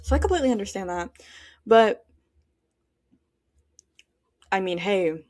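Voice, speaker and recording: A woman's voice: mid-range voice, lively intonation, measured pace, darkish tone, no echo, clean studio sound. A teenage girl hosting a solo podcast, chatting casually and giving her opinions while she thinks aloud with lots of fillers. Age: teens. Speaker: podcast host.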